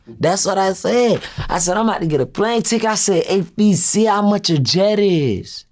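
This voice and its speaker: A man's voice: high voice, normal speed. A young man being interviewed as a rapper, casually retelling a story and acting out what each person said. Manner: animated retelling, acts out quoted dialogue.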